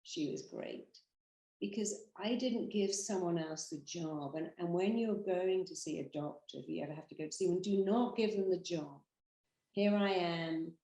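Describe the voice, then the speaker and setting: A British woman delivers a motivational talk with emphatic, animated energy. She acts out the quotes she tells in her stories. Her voice sits a little low, and the room gives it a noticeable echo. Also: normal speed. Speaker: therapist and hypnotherapist.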